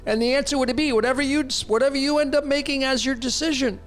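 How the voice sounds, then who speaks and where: A man's voice: very high-pitched, steady tone, fast, a bit bright, soft background music. A man hosting a live stream, answering viewer questions in a blunt, emphatic way and often repeating his phrases. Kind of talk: casual live-stream talk.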